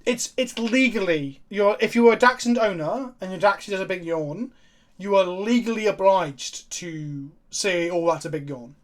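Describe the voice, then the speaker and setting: A man's voice: high-pitched, normal speed. A man streaming a card game, chatting casually, joking and swearing freely as he plays. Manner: animated, jokey, swears freely. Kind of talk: casual chat while gaming.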